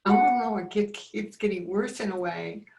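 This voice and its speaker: A woman in her sixties sharing heartfelt memories over a video call, earnest and halting, often emotional. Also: mid-range voice, creaky, over loud music. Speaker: reunion guest. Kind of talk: heartfelt reminiscence.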